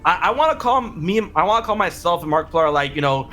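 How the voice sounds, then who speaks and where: A man in a casual interview, telling stories in an animated way, with many restarts and excited quoted voices. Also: fairly high pitch, quick pace, a little hiss or hum. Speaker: interview guest, content creator.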